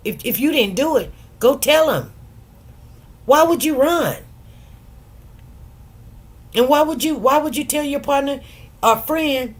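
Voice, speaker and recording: Animated woman giving casual commentary. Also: high-pitched, unhurried, long pauses. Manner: animated storyteller who acts out quotes in different voices; loose, conversational, with many restarts and asides to viewers. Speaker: commentary channel host. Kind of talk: casual commentary on a court case.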